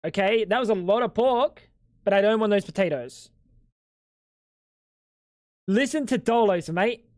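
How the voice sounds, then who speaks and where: A man's voice: sits high, unhurried, pauses often, a little mellow, dry recording. Joking streamer guy, dry close mic. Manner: banter with chat, crude and joking. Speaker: livestreamer. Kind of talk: casual live-stream chat.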